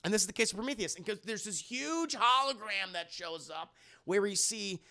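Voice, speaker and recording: A man's voice: sits high, expressive, normal speed, creaky, sharp tone. A young man talking loosely through a film review for his live chat, rambling and swearing, and sometimes mocking lines from the film in put-on voices. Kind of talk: casual spoken film review.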